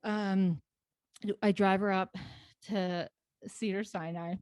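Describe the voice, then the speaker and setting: Woman, podcast guest, animated fast storyteller, mid-pitched, dry close sound. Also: smooth, no room sound. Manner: animated, rapid, laughing storyteller. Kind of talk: casual interview storytelling.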